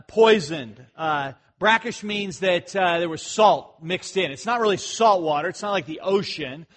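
A man's voice: a little high, a bit bright. A middle-aged man teaching through a Bible passage in a conversational way, asking his listeners questions with frequent fillers and restarts. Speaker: pastor.

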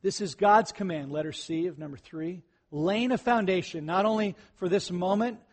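A middle-aged male pastor preaching a conversational sermon, often clearing his throat and rising into excited bursts. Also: high voice, normal speed.

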